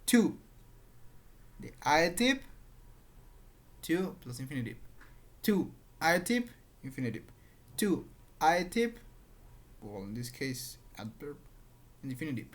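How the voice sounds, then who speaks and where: Slow teacher. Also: mid-range voice, sing-song. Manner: repeats patterns, explains with examples. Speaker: English teacher. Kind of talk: grammar lesson.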